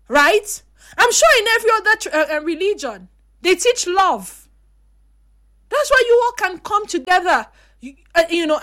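A young woman with a very high, bright, ringing voice hosts a casual livestream chat and reads viewer comments aloud. She tells stories with lots of animation and acts out each side of the dialogue. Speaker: host reading viewer comments.

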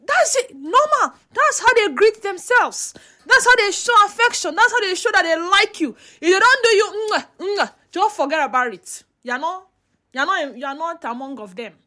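High, bright Nigerian woman vlogger. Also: expressive, normal speed. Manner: chatty, mixes in pidgin, rhetorical questions. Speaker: social media commentator. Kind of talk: casual commentary vlog.

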